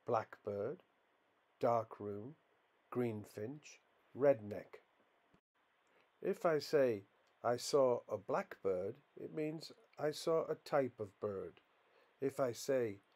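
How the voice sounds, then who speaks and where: A male narrator delivers a scripted pronunciation lesson at an unhurried, measured pace. His pitch sits in a middle range, and he sets each example word apart with deliberate, clear stress. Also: darkish tone. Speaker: English pronunciation teacher.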